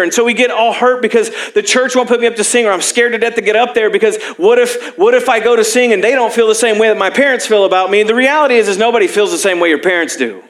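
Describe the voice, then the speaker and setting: High-voiced pastor telling stories in a sermon. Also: male voice, fast, hardly any pauses. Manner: animated storytelling, self-deprecating humor, frequent laughs.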